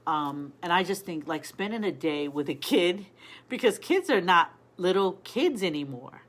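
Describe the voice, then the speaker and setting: Chatty grandmother, lowish woman's voice. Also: lively intonation, moderate pace. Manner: chatty storyteller, greets viewers by name. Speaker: live-stream host. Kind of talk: casual live-stream chat.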